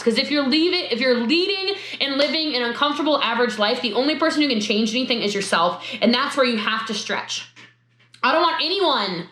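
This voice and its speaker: High bright lady hyping up her sales team, emphatic and repetitive, echoey room. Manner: emphatic, repetitive, bursts into laughter and high-pitched exclamations. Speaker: motivational speaker to a sales team. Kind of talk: motivational talk.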